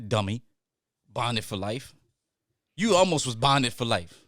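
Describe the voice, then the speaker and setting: A man's voice: medium pitch, big pitch swings, measured pace, fairly bright tone, no echo, clean studio sound. A man hosting a casual podcast chat, ranting emphatically and repeating his lines for effect as he riffs with his co-hosts around a table. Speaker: podcast host.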